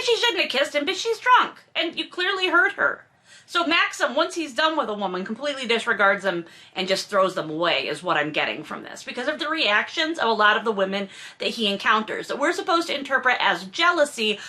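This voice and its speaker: A woman in her forties with a high, sharp voice hosts a comedic book commentary. She reads a novel aloud and mocks it with sarcastic, exasperated asides.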